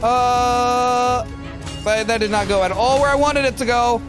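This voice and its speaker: A gameplay streamer giving excitable, casual commentary full of quick yelps. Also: music in the background. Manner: excitable, with yelps and a wide pitch swing. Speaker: gameplay channel host.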